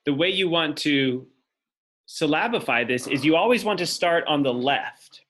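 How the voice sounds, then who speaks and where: In a classroom lecture, a man teaches step by step, thinking aloud as he writes on a board to explain. He sounds animated and a bit bright, with a slightly high voice and normal speed.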